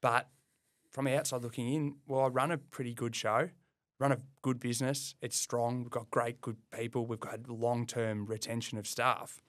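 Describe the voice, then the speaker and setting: A man's voice: mid-range voice, normal speed, no echo. Laid-back Australian man, dry close mic. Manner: relaxed, self-deprecating, rambling with restarts. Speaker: podcast co-host, plumbing business owner. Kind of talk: casual podcast chat.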